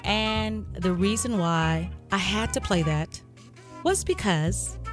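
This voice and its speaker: A woman hosting a radio show, chatty and teasing. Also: medium pitch. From Texas. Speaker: radio host. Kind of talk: casual radio interview.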